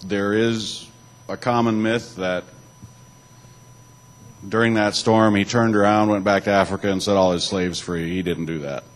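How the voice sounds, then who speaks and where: A man's voice: on the low side, steady tone, measured pace, pauses often, rough recording. A man giving a church talk, alternating between reading aloud and loose spoken asides, with occasional restarts. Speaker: church speaker.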